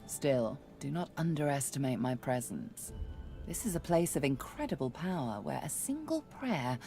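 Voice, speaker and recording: A woman's voice: a bass voice, sing-song, moderate pace, vocal fry, warm tone, full character voice. A woman voicing a dry, teasing adult sorceress in a video game, over game music. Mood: wry. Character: wry, mocking female sorceress, adult. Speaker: game character.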